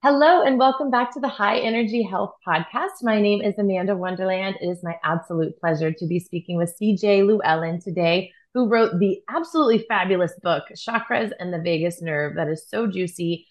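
A woman's voice: mid-range voice, fairly quick, hardly any pauses. A woman hosting a podcast, gushing with bubbly enthusiasm as she interviews her guest. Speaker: podcast host.

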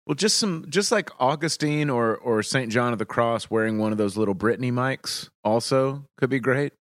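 A man co-hosting a podcast in casual chat, with dry humor and halting, self-correcting phrasing. His voice sounds close and dry. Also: mid-range voice, no room sound. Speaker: podcast co-host.

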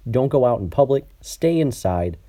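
A man's voice: medium pitch, very animated, normal speed, dark tone. A man hosting a casual podcast over an online call, talking with a slightly nasal tone and lots of ums and restarts. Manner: chatty, many ums and restarts. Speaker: podcast host. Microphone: over Skype.

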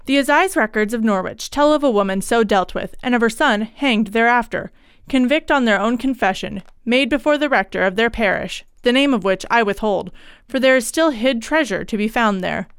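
Clear, close woman storyteller. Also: a little high, lively intonation, normal speed, no room sound. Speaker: audiobook narrator. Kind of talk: scripted storytelling narration.

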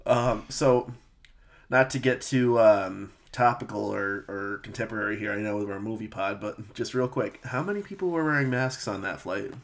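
A man with a fairly low voice drops short, joking asides into a casual podcast chat. He keeps his turns quick and light. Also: vocal fry. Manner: joking, brief interjections. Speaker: film podcast co-host.

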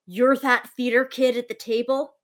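A woman's voice: fairly high pitch, level tone, moderate pace. A woman hosting a podcast interview, playful and wry. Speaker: podcast host. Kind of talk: casual interview talk.

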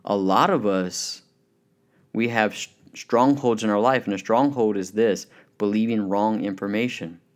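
A man preaching a sermon, telling illustrative stories and slowing down to stress the key points. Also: on the low side. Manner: storytelling, emphatic, slows down on key points.

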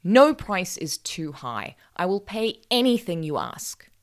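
A woman's voice: lowish voice, very animated, measured pace, pitched above the performer's own voice. A woman voicing an earnest, polite little male armadillo who pleads desperately. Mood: pleading.

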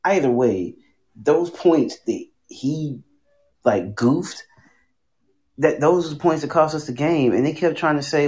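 A man co-hosting a casual sports chat, laying out his picks with measured, wry reasoning. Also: a little high, expressive. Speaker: sports podcast co-host.

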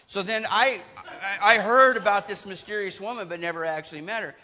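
Bright high-voiced joking man in a hall. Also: fairly quick. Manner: joking, self-mocking, laughs often. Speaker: husband telling a couple's story. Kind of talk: storytelling to an audience. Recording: reverberant hall.

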